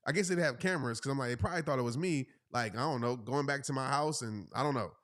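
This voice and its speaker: A man's voice: medium pitch, fast, fairly bright tone. A man, casually telling a funny story and acting out the voices of the people in it. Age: 30s. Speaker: motivational speaker telling a story.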